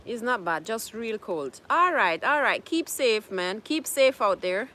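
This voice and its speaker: Her voice leans high, expressive and somewhat slow, with a sharp tone. She's a livestream host at home in Jamaica, chatting casually with viewers over their comments, laughing a lot and switching into French now and then.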